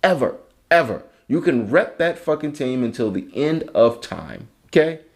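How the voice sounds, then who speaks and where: A man from Chicago rants alone on his podcast, sarcastic and swearing constantly. His voice sits at an ordinary middle pitch for a man. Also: expressive, moderate pace. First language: English. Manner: profane, ranting, sarcastic. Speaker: podcast host. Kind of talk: solo comedic rant.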